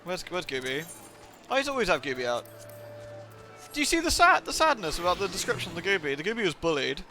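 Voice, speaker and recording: A man's voice: high-pitched, big pitch swings, fairly quick, pushed and bright. A man chatting casually and playfully while live-streaming a game, reacting aloud and thanking viewers. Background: game music.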